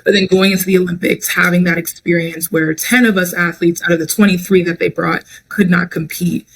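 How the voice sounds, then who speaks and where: A woman's voice: fairly low pitch, fairly quick, breathy edge. Chatty young woman telling stories. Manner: chatty, animated storytelling with voiced quotes. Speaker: interview guest, Olympic hammer thrower. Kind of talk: casual podcast interview.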